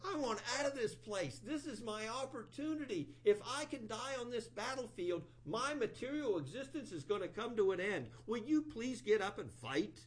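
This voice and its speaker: A man voicing a huge male demon who begs his enemy to kill him, speaking in a high, pleading, insistent voice. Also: animated, normal speed, hardly any pauses. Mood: pleading, urgent.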